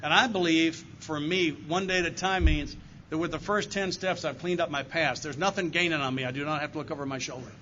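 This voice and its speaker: A man's voice: on the high side, fairly even intonation, brisk, hardly any pauses, sharp tone, slight background noise. An older man gives an earnest, heartfelt recovery talk straight to a meeting audience. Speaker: AA circuit speaker. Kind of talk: recovery testimony speech to a meeting. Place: meeting room before an audience. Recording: dull lo-fi live talk recording.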